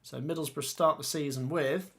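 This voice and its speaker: A man's voice: fairly high pitch, normal speed, slight background noise. Chatty man hosting a football stream. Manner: chatty, excitable, exclaims often. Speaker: football livestream host. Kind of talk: casual livestream chat reading viewer comments.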